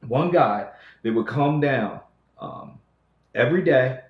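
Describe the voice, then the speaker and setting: An earnest man in recovery tells his story in a loose, casual podcast chat. He talks in a middle pitch and keeps reaching for "man," "bro," and "you know what I mean." The room around him has a noticeable echo. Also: expressive, slow. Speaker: person in recovery helping others. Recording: echoey room.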